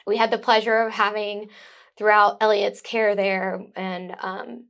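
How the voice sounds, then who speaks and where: A woman's voice: medium pitch, flat delivery, unhurried, creaky, fairly bright tone, clear, resonant tone. A young mother as a guest in an interview, speaking in a heartfelt, effusive way. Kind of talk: conversational interview.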